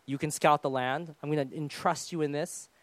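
Pastor guy preaching, slightly high voice, dry close sound, lively storytelling. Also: moderate pace, no room sound. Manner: animated storytelling, acts out quotes. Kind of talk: sermon.

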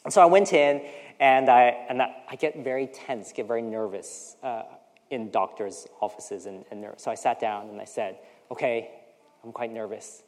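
In a medium-pitched, darkish voice at normal speed, a preacher from the United States, in their forties, gives a conversational sermon. Personal asides pepper the talk, and quoted voices get acted out. The sound echoes with long hall reverb.

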